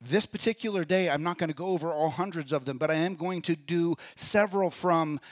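A man's voice: fairly high pitch, a little fast, dry recording. A man preaching a sermon in church as pastor, talking in a conversational way and putting questions to the congregation.

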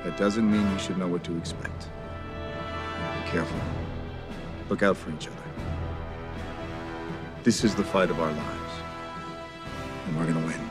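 A man's voice: low-pitched, steady tone, moderate pace, pauses often, over loud music, lightly acted. An actor playing a commanding male team leader who gives grave, clipped rallying orders, in a film clip. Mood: resolute. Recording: film clip with loud score.

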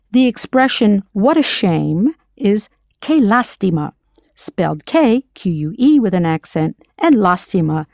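Woman, language teacher, scripted lesson, patient, spells out words, animated pitch, dry sound. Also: dry recording.

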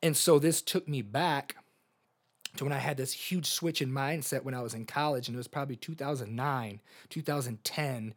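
A man in his thirties hosting a podcast, telling personal stories in an earnest, open-hearted way. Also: mid-range voice. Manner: earnest, open about feelings, storytelling with fillers. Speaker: podcast host. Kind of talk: personal reflective monologue.

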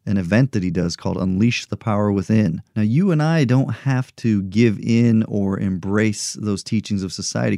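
Man, middle-aged, low mellow voice, earnest motivational podcast monologue, dry close mic. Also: vocal fry, dry recording. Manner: earnest, encouraging, repeats rhetorical questions. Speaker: podcast host.

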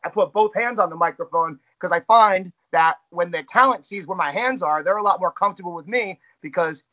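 A man, a ring announcer, chats through an interview with candid, self-critical honesty. His voice sits high and sounds bright and forward. The audio is muffled and lo-fi. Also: brisk. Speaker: wrestling ring announcer and commentator, guest. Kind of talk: casual interview chat.

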